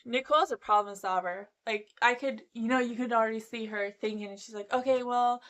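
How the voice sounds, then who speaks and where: A talkative woman recapping a reality show in a casual, gossipy way. Her voice sits a little high. She slips into playful impressions of the people she talks about. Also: fairly quick, fairly bright tone. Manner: chatty, gossipy, acts out quotes. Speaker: recap vlogger.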